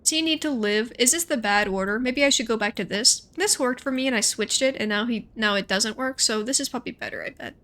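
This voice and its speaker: A woman's voice: fairly high pitch, sharp tone. A young woman streamer chatting casually while playing a game, thinking aloud and rambling between moves. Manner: chatty, thinks aloud, quick asides and self-talk. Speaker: gaming streamer. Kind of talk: casual gameplay commentary.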